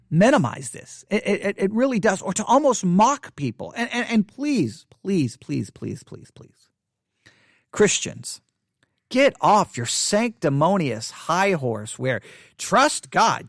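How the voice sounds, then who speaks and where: A man with a notably high voice delivers impassioned solo commentary. He pleads with his listeners and stumbles through repetitions and restarts. The recording is dry and close, with no room sound. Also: no echo. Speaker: Christian commentator.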